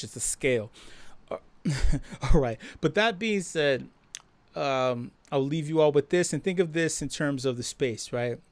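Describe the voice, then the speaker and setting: A man hosting a casual live stream. His voice sits a little high for a man and sounds dry and close, with no room around it. He swears freely, laughs often and breaks into animated acted-out quotes. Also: no room sound. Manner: profane, laughing, animated storytelling; acts out quoted voices louder and higher. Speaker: host.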